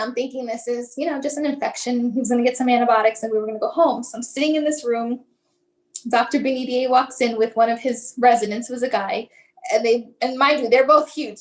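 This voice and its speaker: A woman with a high voice tells a deeply personal story as a guest. She talks conversationally, slipping into the voices of the people she quotes and breaking off and restarting her phrases when emotion catches up with her. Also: poor audio. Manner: conversational, acts out what others said, many fillers like "like". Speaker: guest, mother sharing her son's story.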